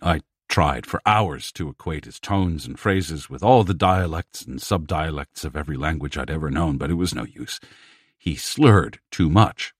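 A shaken male language expert with a quavering voice, low and deep, as a male narrator reads him. His amazed lines come out close and dry, with no room around them. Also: normal speed, husky, no room sound. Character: startled middle-aged male language scholar.

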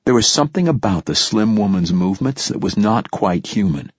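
Brief: male audiobook narrator, measured, dry close sound, slightly muffled recording. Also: on the low side, expressive, slightly rough, no echo. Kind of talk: scripted narration.

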